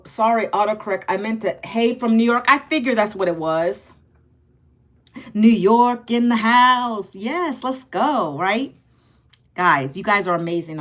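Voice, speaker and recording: A woman's voice: mid-range voice, a bit bright. A woman in her forties from Virginia, chatting casually on a phone livestream as she greets viewers by name and reads their comments. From Virginia, United States. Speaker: livestream host.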